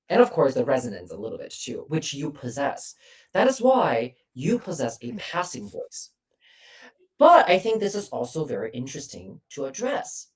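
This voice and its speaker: Low-voiced woman coaching on a distant call mic. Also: a little mellow. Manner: explains with many hesitations and fillers. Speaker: voice coach, guest. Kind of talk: instructive interview answers.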